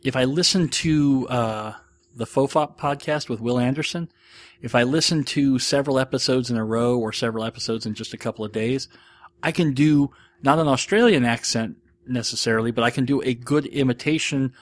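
A man's voice: mid-range voice, fairly quick. A man hosting a podcast, casually reading out and answering listener questions in a rambling, self-deprecating way. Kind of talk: casual monologue.

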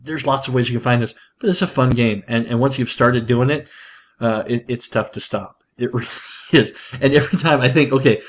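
A man hosting a podcast, talking casually and excitedly, often laughing and restarting his sentences. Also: mid-range voice, brisk. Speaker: podcast host, father. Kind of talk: casual monologue.

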